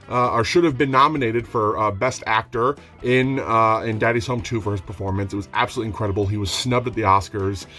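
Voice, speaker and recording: Rambling young guy vlogging his haul. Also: medium pitch. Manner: rambling, self-mocking, excitable. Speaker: DVD collector vlogger. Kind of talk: casual vlog chat. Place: home room.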